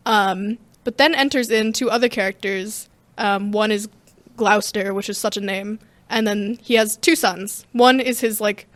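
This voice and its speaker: A teenage girl, a student theater member, chatting as an interview guest in a rambling, slangy, animated way. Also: medium pitch, moderate pace, no echo. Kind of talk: casual interview chat.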